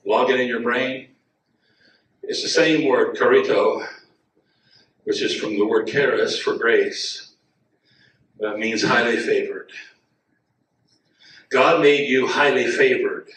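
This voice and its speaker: Bright-voiced preacher in an echoey church. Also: male voice, mid-range voice, fairly even intonation, slow pace, pauses often, a little hiss or hum. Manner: conversational, builds to loud emphatic preaching; chuckles and asides to the congregation. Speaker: guest preacher. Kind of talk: sermon. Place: church sanctuary. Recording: echoey church room, mic at a distance.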